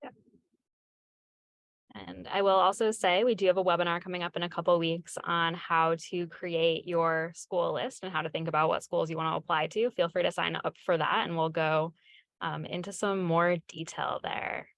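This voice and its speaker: A woman moderating a webinar over a video call, briskly affirming the panelists and moving on to the next topic. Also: lowish voice, little pitch movement, creaky, no echo.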